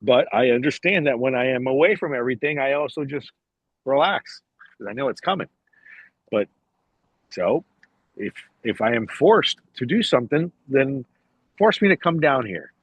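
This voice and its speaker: A man's voice: medium pitch, expressive, normal speed, pauses often, husky, dry recording, highs cut off. A man in a casual podcast chat, telling a rambling, profane story and acting out what others said to him. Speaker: podcast guest.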